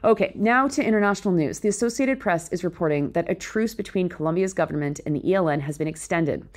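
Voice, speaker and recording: A woman's voice: on the low side, fast. A woman hosting opinionated news commentary, reading out quotes and breaking into sarcastic, incredulous asides.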